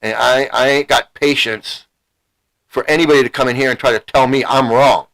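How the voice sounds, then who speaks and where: A man's voice: mid-range voice, steady tone, moderate pace, fairly bright tone, rough recording. A middle-aged man hosting a livestream, ranting heatedly and emotionally, repeating himself and swearing. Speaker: channel host. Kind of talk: angry livestream rant.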